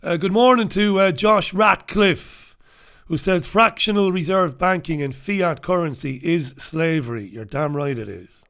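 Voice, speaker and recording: A middle-aged man talks through the morning papers in a loose, off-the-cuff way. His voice sits a little high for a man, and he peppers the headlines with crude jokes and irreverent, swearing asides. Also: unhurried, fairly bright tone, clear, resonant tone. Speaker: host reviewing newspapers. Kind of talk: casual humorous commentary.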